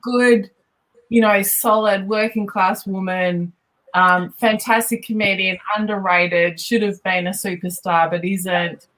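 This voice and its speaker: A woman co-hosting a podcast, chatting casually and enthusiastically with quick asides. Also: mid-range voice, steady tone, fairly bright tone. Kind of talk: casual chat.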